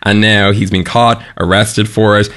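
A man's voice: fairly low pitch, unhurried. A man co-hosting breakfast radio, bantering and laughing often. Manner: lively, jokey, laughs often. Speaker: radio co-host.

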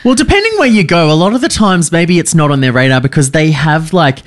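A breakfast radio co-host in casual chat, teasing and playing out quick scenes. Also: medium pitch, lively intonation.

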